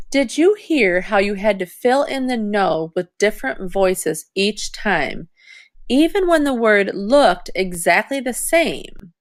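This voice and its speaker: Slow, expressive woman teacher. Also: mid-range voice. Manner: clear, deliberate classroom delivery. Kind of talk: recorded reading lesson.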